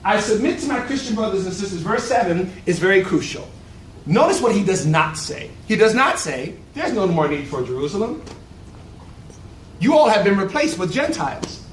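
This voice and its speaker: A man preaching a sermon at a luncheon, with animated, rhetorical call-and-response delivery. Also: high voice, normal speed, slight background noise. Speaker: pastor. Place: event hall. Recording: echoey room, voice from far off.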